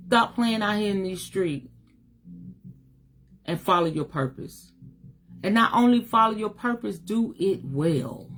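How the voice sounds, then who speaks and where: A middle-aged woman preaching to her followers on a livestream, blunt and emphatic, dropping slang as she lectures. Her voice sits at an ordinary middle pitch. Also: a little hiss or hum. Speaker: spiritual teacher. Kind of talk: livestream motivational talk.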